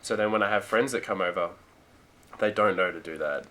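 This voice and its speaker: A young Australian man with a very low voice talks in a relaxed, rambling way, full of fillers and restarts. His tone is bright and forceful despite the depth. He speaks as a guest in a casual interview chat. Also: fairly quick. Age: young adult. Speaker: guest, college football player.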